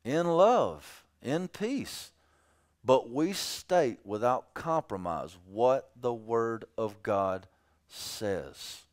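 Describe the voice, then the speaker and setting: A man's voice: medium pitch, big pitch swings, very slow, a little mellow. A man preaching a sermon as pastor, emphatic, often repeating his phrases for weight.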